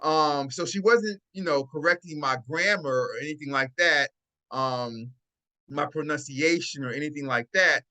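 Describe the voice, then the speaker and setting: A man with a bright, somewhat high voice hosts a casual live-stream talk on dating advice. He speaks into a phone, chatting loosely and checking in with "right?" again and again. He chuckles often along the way. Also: normal speed. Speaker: host.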